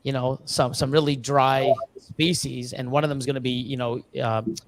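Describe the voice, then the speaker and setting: A man from Canada talking casually on a live stream, rambling earnestly with many restarts and fillers, sometimes mimicking other people in quick bursts. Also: medium pitch, steady tone. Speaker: reptile breeder guest.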